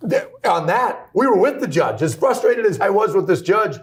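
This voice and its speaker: A man's voice: high voice, big pitch swings, moderate pace, slight background noise. A man hosting an interview in casual conversation, talking bluntly and emphatically, cursing freely. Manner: curses freely. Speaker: host, brokerage owner.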